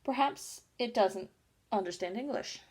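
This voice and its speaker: A woman's voice: fairly high pitch, measured pace, darkish tone, husky. A woman voicing a polite, curious young girl in a storybook reading, chatty and eager, often talking half to herself.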